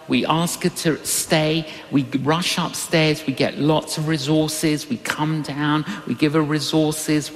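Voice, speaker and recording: An older preacher giving a sermon and telling personal stories, acting out the people in the stories. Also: mid-range voice. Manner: animated, acts out quoted voices. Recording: long reverberant hall.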